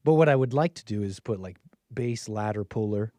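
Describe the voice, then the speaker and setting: A man's voice: on the low side, lively intonation, fairly quick, mellow, no room sound, studio quality. A man hosting a call-in stream in casual commentary, rambling and joking, often laughing mid-sentence. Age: adult with a child. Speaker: call-in show host.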